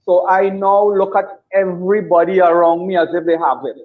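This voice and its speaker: A man speaks as a guest over a dull, lo-fi online call. He talks hesitantly, stammering and restarting, his voice a bit higher than most men's. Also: little pitch movement, normal speed. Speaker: guest caller. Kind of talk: live call-in testimony.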